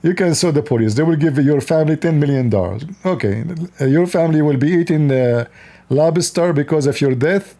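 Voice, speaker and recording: A man's voice: on the high side, fairly quick, warm tone. Blunt man. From Middle East. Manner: blunt, lecturing, laughs often. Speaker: livestream host. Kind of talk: casual advice talk.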